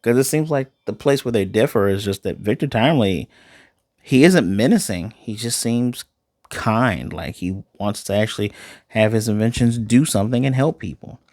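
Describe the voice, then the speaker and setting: A Chicago man reviews a TV episode in an enthusiastic, conversational way, often repeating phrases. His voice is fairly low, expressive, and a bit dark in tone, delivered at normal speed in a clean studio recording with no echo.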